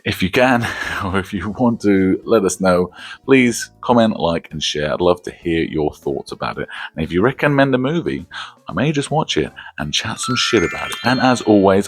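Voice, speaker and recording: A man's voice: deep voice, animated, moderate pace, slightly rough, dry recording, soft background music. A man hosting a casual movie review, rambling, laughing often and swearing casually.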